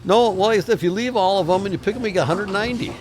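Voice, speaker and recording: A man giving casual commentary on a bowling tournament, chatty and quick to laugh as he announces the matchups. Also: high voice, background noise.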